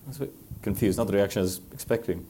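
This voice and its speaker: Middle-aged man, low voice, quick lively anecdotes on a panel, laughs a lot. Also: slight background noise. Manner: animated storytelling, laughs often. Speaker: former racing driver speaking on a panel. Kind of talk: live panel talk, anecdotal.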